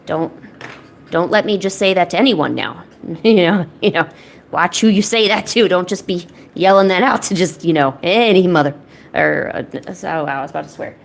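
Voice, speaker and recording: A woman's voice: moderate pace, vocal fry. A young woman streaming casually from home, chatting and joking with her viewers. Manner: chatty, jokey, breaks into high baby talk with her cats. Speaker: art streamer. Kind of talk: casual livestream chat.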